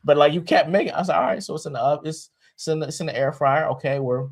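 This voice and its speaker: A man's voice: on the high side, fast talker. A young man, rambling and joking as he tells a story on a livestream. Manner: rambling, joking, with many restarts and laughs. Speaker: co-host, expectant father. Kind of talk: casual storytelling chat. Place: home livestream.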